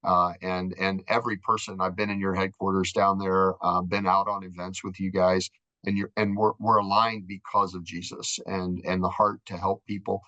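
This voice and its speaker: Man, fervent charity guest, slightly low, bright forceful tone, very dry sound. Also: little pitch movement, normal speed, no echo, muffled recording. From Minnesota, USA. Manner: fervent, repeats words, acts out voices. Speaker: charity marketing executive, guest. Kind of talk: faith-driven interview talk.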